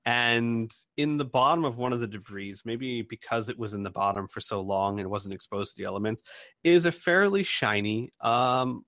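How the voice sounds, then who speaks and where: Male game master, deliberate and thoughtful, bright tone, dry close mic. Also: medium pitch, dry recording. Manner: deliberate, pauses to think. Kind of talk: running a tabletop game.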